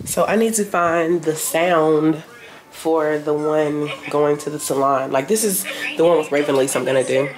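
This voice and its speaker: A young beauty vlogger chats to camera indoors at home, talking directly to viewers as "y'all." Her low voice holds a steady tone at a normal speed. The roomy recording carries faint noise, including crowd noise.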